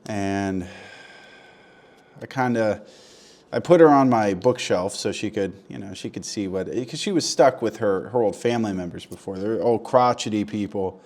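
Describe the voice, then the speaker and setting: Young man, lowish voice, crude mock-earnest rambling, comedic monologue. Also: moderate pace, darkish tone. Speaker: comedy vlogger.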